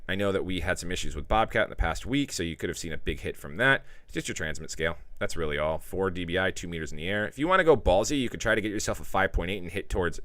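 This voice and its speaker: A man's voice: low-pitched, a bit bright, dry recording. A man hosting a casual livestream, chatting loosely with viewers and reading out their messages. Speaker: livestream host.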